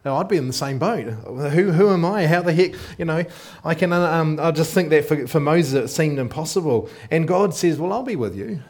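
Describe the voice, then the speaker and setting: A man delivers a sermon in a relaxed, talkative way. He keeps checking in with the congregation through rhetorical questions. His delivery is loose and unscripted, full of small fillers and restarts as he thinks aloud. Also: fairly high pitch, normal speed, few pauses. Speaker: preacher.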